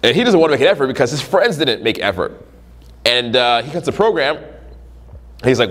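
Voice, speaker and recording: A male dating coach talks in a loose, foul-mouthed coaching monologue. His pitch swings widely as he acts out scenes from his students' lives, dropping into voices for them. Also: brisk, pauses often. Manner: profane, animated, acts out scenarios in voices.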